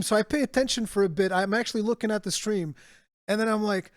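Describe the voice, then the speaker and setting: Man hosting a gaming podcast, fairly high voice, animated storyteller, dry close mic. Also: fast talker, dry recording. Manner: animated storyteller, laughs often. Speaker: podcast host. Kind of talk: casual gaming chat.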